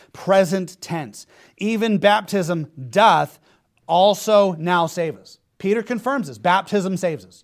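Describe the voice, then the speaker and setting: Emphatic male preacher, slightly high voice. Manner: emphatic, mocking, repeats rhetorical questions. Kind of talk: sermon.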